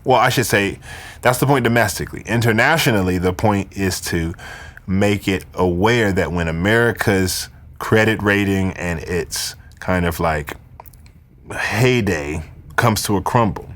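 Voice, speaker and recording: A man hosting a live podcast, ranting in an animated, conspiratorial way. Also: low-pitched, unhurried. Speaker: podcast host. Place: indoors, wearing headphones.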